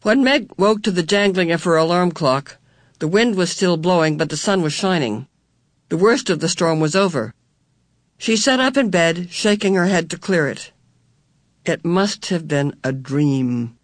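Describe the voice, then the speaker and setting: An audiobook narrator reads a children's storybook in a measured, even voice. The pitch sits in a middle range. The recording is dry and close, with no room sound. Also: dry recording. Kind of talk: scripted narration.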